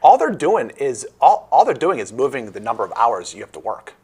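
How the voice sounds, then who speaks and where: A man's voice: mid-range voice, very animated, a little fast, a little mellow, husky. A man with a Midwestern American accent hosting a casual political talk show, joking and rambling as he speaks.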